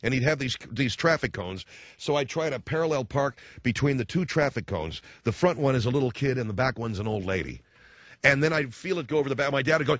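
A man's voice: mid-range voice, animated, brisk, fairly bright tone, dry recording. A man in his forties delivering a rambling, self-mocking comedic monologue as a radio host. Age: 40s. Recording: slightly dull lo-fi recording.

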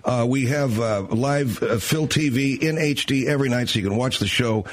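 A man's voice: mid-range voice, moderate pace. A man hosting a late-night radio talk show, rambling and hesitant with many fillers and restarts as he reads out the number and sets up a story.

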